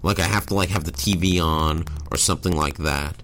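Deep-voiced rambling male guest. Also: fairly even intonation, a little fast, a bit bright. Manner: rambling, self-deprecating storyteller with many fillers. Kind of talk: casual interview chat. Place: studio.

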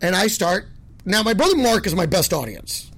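A middle-aged man tells his stories loudly and with great excitement. His voice sits high and leaps around a lot, with a rough, gravelly texture running through it. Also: normal speed. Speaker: guest. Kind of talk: animated storytelling.

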